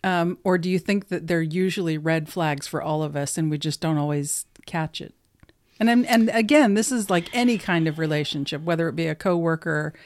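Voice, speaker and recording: A middle-aged woman chats on a podcast, her voice sitting a little low and close, with no room sound around it. She tells stories with plenty of giggles and an animated, chatty manner. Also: fairly quick, dry recording. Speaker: podcast co-host. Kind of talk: casual chat.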